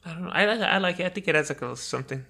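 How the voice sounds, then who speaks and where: A man's voice: high voice, lively intonation, racing, vocal fry, sharp tone. A young man co-hosting a podcast in casual chat, teasing and asking blunt questions. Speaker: podcast co-host.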